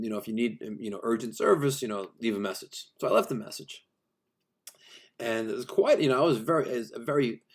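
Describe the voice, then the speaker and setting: A man's voice: medium pitch, a little mellow. A middle-aged man, an HVAC contractor ranting in a vlog about a supplier, exasperated and acting out phone calls.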